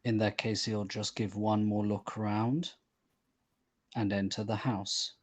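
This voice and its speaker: A man playing a tabletop game, calmly describing what his character does. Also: fairly low pitch, measured pace. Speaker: player. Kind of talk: tabletop role-play.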